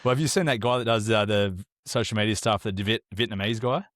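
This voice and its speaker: Laid-back Australian man, low voice. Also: quick pace, fairly bright tone, no echo, clean studio sound. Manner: laid-back, easygoing storyteller, swears casually. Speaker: podcast co-host. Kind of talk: casual chat.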